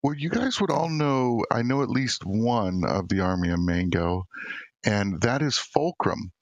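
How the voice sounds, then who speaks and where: A man's voice: mid-range voice, lively intonation, measured pace, no room sound. A man talking as a guest on a casual podcast, easygoing and full of fillers.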